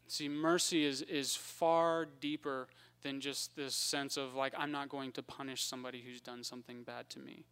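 A man preaching a conversational Bible-teaching sermon, acting out the characters in quick voices. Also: mid-range voice, flat delivery, a bit bright, smooth.

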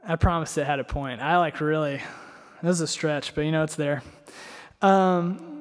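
A man's voice: on the high side, normal speed. A young man from North Carolina preaching a sermon, telling a story in a rambling, self-deprecating way with lots of filler words. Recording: long hall reverb.

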